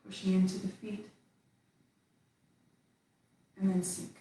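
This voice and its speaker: Calm lady tai chi teacher, slow cues, really echoey room, kinda far from the mic. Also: mid-range voice, slight background noise. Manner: calm, slow cues spoken while moving. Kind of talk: calling out tai chi moves while demonstrating. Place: indoor room with little space.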